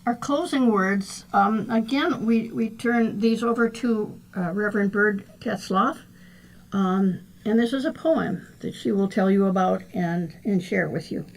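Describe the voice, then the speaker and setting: Woman doing church announcements, slow, lots of ums, gravelly voice. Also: mid-range voice, low-quality recording. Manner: unhurried, with many fillers and self-corrections. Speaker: service leader reading announcements. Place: church sanctuary during a livestreamed service.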